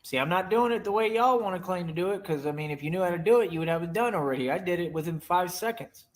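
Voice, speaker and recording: A man's voice: sits high, expressive, quick pace. Boastful man taunting his viewers. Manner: boastful, taunting, repeats "right?". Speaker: streamer in a reacted clip.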